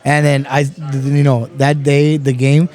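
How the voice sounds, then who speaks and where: A man from Texas, a podcast guest, telling stories in a casual, animated way, swearing often and calling everyone bro. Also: mid-range voice, unhurried. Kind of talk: casual chat.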